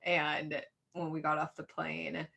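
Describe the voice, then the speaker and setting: Woman co-host, lowish and bright voice, reflective and friendly in conversation. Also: completely flat delivery, takes it slowly, creaky, muffled recording. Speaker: podcast co-host. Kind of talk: casual podcast conversation.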